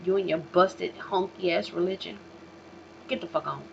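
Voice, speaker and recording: A woman's voice: fairly even intonation, moderate pace, creaky. Profane ranting woman on a lo-fi vlog. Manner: profane, emphatic, swings between loud outbursts and low mutters. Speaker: vlog host. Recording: dull lo-fi recording with faint noise.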